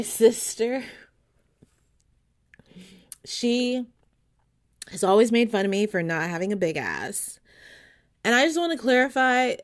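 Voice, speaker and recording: A woman hosting her podcast, rambling and swearing freely in a casual monologue. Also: mid-range voice. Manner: profane, rambling, chatty. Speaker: podcast host.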